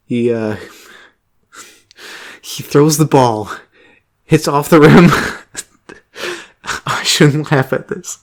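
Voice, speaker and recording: A man's voice: mid-range voice, animated, takes it slowly, long pauses. A young man telling a rambling, casual story, laughing often and swearing freely. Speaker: vlogger.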